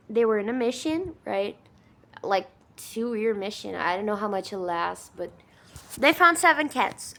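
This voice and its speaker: Bright-voiced woman rambling casually. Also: on the high side. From Brazil. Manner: rambling, filler-heavy, swears emphatically. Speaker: vlogger. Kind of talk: casual storytelling.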